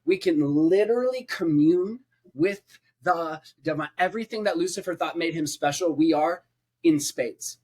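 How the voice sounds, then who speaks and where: Emphatic preacher, fairly high voice. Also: male voice, moderate pace, darkish tone, breathy edge. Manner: emphatic, repetitive rhetorical lists. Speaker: preacher, podcast guest. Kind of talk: passionate conversational preaching.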